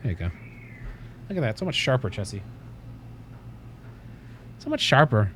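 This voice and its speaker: A man's voice: mid-range voice, sing-song, moderate pace, noisy background. A man hosting a casual livestream from his desk at home, rambling, swearing offhandedly and cooing at his cat. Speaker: livestream host.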